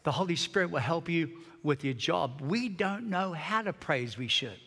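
Passionate preacher, bright tone, big hall echo. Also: male voice, fairly high pitch, lively intonation, moderate pace, gravelly. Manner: passionate storytelling, swings between shouting and hushed. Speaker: pastor. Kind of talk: sermon.

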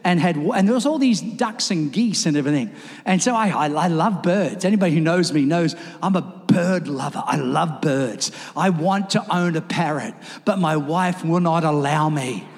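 A man preaching a sermon in a church, telling stories and acting them out with lively, rising delivery. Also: moderate pace. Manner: animated, acts out his stories with rising pitch. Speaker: pastor. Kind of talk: sermon with storytelling. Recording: reverberant church hall with music.

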